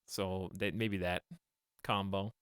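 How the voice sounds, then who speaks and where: A man's voice: low-pitched, flat delivery, slow pace, fairly bright tone, clean tone, dry recording, studio quality. A man streaming a video game, chatting casually and thinking aloud as he plays, often laughing at his own jokes. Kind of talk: casual gameplay commentary.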